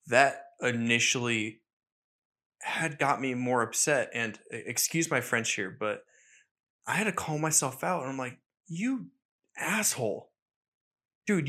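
A man's voice: medium pitch, pushed and bright. A young man hosting a solo podcast, talking earnestly and critically about himself, often rambling and restarting his sentences. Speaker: podcast host.

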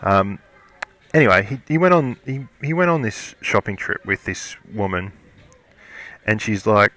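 A man tells a casual story and keeps circling back, stumbling and restarting his sentences. His voice sits a little low but sounds bright and forceful. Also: lively intonation. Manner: rambling, halting, many restarts. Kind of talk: casual anecdote.

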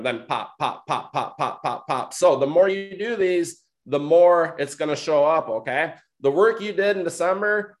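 A Michigan man who coaches other coaches gives a motivational talk in a voice on the high side. He's emphatic, repeats his points, and keeps checking in with "right?" and "okay?".

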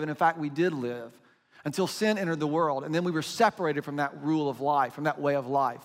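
Male pastor, high voice, conversational sermon with scripture readings, reverberant sanctuary. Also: a bit bright. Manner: conversational preaching, reads scripture aloud.

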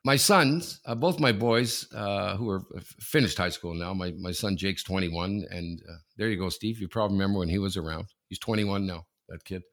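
Bright-voiced man telling a rambling story. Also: deep voice, moderate pace, few pauses. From Canada. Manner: rambling anecdote with restarts, gets loud and excited. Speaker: podcast co-host. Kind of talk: casual sports talk, storytelling.

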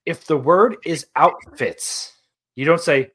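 A young podcast co-host with a New York-area accent, hailing from New Jersey or New York, jokes around in casual, profane banter. He speaks slowly, and his slightly high voice is husky with a fairly bright tone.

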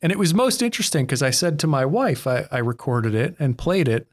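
A man's voice: fairly high pitch, sing-song, a little fast, dry recording, clean studio sound. A man, co-hosting a podcast in a rambling, self-deprecating, jokey way. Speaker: podcast co-host. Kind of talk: casual chat.

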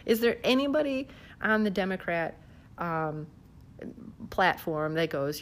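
A woman's voice: medium pitch, sing-song, normal speed, slight background noise. A woman from the southern United States chatting casually into her phone at home, laughing often and using lots of fillers. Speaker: vlogger. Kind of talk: casual chat to camera. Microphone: phone held in hand.

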